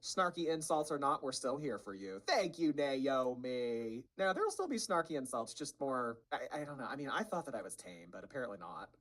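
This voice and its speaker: A man's voice: medium pitch, sing-song, fast, few pauses, low-quality recording. Chatty man hosting a livestream. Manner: talkative, addresses chat directly, swings between loud and quiet. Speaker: livestream commentary host. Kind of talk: casual livestream commentary.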